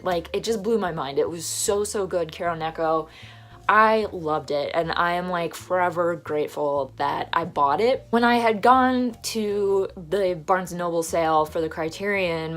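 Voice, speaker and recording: A woman's voice: lowish voice, moderate pace, faint music behind. A young woman casually retelling and reviewing a film, gushing and full of fillers.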